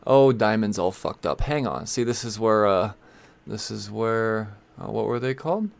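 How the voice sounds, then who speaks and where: A man's voice: on the low side, animated, normal speed, vocal fry. A man hosting a casual weekly rundown of new comic books, rambling and offhand with fillers, stalls and asides. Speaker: comic book channel host.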